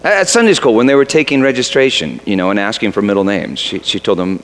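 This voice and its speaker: Animated middle-aged man telling a story. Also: fairly low pitch, fast talker, hardly any pauses, slight background noise. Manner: animated, acts out voices of children. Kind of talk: storytelling talk. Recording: reverberant hall.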